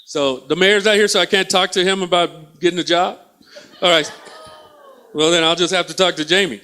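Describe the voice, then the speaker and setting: A man's voice: sits high, steady tone, moderate pace, sharp tone, smooth. A male stand-up comedian teasing and riffing with the audience from a small theatre stage. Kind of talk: stand-up crowd work.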